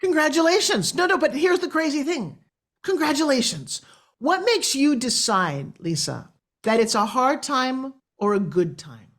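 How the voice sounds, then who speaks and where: Middle-aged woman guest, motivational interview energy, bright-ish higher voice, big pitch swings. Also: a little slow. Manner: lively, shifting pitch up and down for emphasis. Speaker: guest speaker. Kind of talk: animated motivational interview talk.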